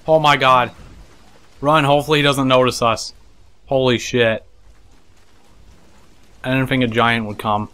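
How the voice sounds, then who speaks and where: Bright-voiced man narrating gameplay. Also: mid-range voice, fairly even intonation, measured pace, pauses often, clear, resonant tone. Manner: chatty, talks to game characters, swears, laughs. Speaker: gameplay commentator. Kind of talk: casual let's-play commentary.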